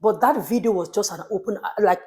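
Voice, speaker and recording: Woman, show host, opinionated, emphatic, rhetorical, mid-pitched voice. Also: brisk, warm tone. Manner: emphatic, candid, rhetorical questions. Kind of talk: opinionated commentary.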